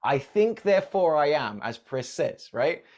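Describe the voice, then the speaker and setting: A man's voice: a little high, very animated, a little slow, a little mellow. Earnest man chatting about films. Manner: emotional, earnest, asks the others questions. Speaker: podcast co-host. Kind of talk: casual movie discussion.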